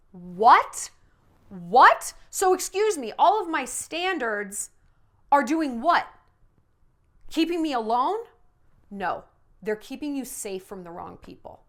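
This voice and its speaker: Brief: sassy thirty-something woman, slightly high voice, blunt advice to camera, theatrical quoted asides. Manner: blunt, sassy, talks straight to the viewer; acts out quoted voices with big swings in pitch and loudness. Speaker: dating advice YouTuber. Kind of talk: direct-to-camera advice talk.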